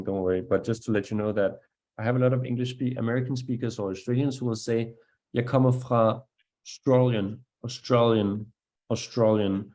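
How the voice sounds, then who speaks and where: A man with a Danish accent, a native Danish speaker, teaching pronunciation one-on-one, patient and encouraging as he slowly demonstrates each sound. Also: mid-range voice, warm tone. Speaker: language teacher.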